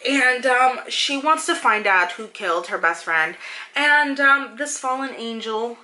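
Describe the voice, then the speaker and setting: Bright-voiced, gushing young woman. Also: on the high side, animated, measured pace. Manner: gushing and emotional, talking straight to viewers; fillers and sudden bursts of speed. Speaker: book reviewer. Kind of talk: casual book review vlog.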